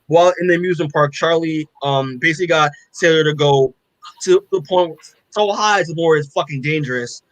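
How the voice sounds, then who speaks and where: A man's voice: fairly high pitch, fairly bright tone, no echo, rough recording. A man on a podcast, recapping a comic in a loose, rambling way, full of fillers and swearing. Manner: rambling, profane, heavy with fillers. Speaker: podcast co-host. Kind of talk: casual chat recapping a comic.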